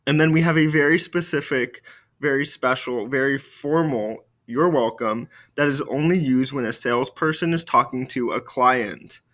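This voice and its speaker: A man teaching a recorded French lesson, explaining in friendly classroom English and slowly modelling French phrases for students to repeat. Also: medium pitch, a bit bright. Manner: slow call-and-repeat drills with careful French phrases.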